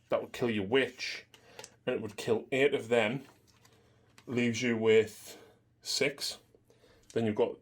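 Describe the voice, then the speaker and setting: A man playing a tabletop wargame, methodically talking through rules and dice rolls in casual commentary. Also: mid-range voice. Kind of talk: casual commentary over a game.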